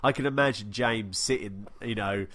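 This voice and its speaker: A man's voice: on the low side, normal speed, a bit bright. A man co-hosting a casual gaming podcast, talking in a hesitant, musing way. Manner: hesitant, many fillers and restarts, musing. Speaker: podcast co-host.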